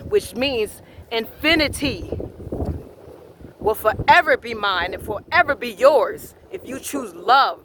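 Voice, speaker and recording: A man with a notably high voice delivers a spiritual affirmation monologue at an unhurried pace. He talks earnestly and repeats his phrases. Wind and outdoor ambience run loudly behind him. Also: animated. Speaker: motivational vlogger.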